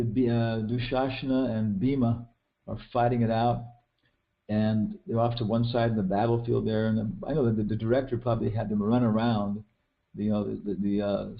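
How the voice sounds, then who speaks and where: This older man's voice is gravelly and fairly low in pitch. Leading an informal scripture lesson, he rambles through an epic tale and movie scenes, with plenty of false starts and fillers, all captured on a dull lo-fi recording.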